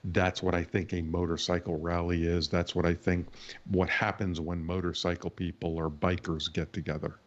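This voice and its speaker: Man, podcast co-host, very deep voice, easygoing storytelling, casual chat, muffled lo-fi sound. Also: level tone, moderate pace.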